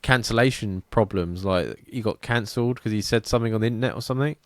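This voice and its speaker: A man, co-hosting a podcast in relaxed, sweary casual chat. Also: lowish voice, fast, no room sound, clean studio sound. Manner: laid-back, swears freely, laughs easily. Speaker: podcast co-host.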